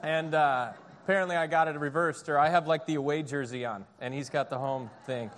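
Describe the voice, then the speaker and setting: A man in his thirties preaches a relaxed, conversational sermon from a church stage. His voice sits high and bright for a man, and he tells stories with easy, animated energy. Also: brisk. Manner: chatty, storytelling, animated. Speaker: pastor. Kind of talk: casual sermon.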